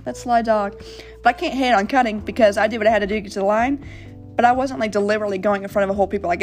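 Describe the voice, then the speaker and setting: A young woman hosting a podcast, telling a travel story in a rambling, casual way with plenty of swearing. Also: on the high side. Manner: rambling, profane, animated retelling. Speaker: podcast host.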